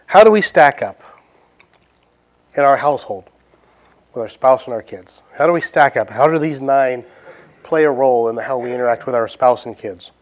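A man's voice: medium pitch, moderate pace, pauses often. A man with a Southern US accent preaching a sermon in a conversational way, asking rhetorical questions, then closing in prayer. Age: adult, past his teens. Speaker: pastor.

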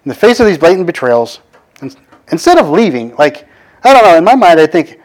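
Man, 30s, casual sermon, conversational, animated, quotes in character. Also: on the high side, a little fast. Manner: conversational, animated, frequent "right?" asides; acts out quoted voices. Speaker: preacher.

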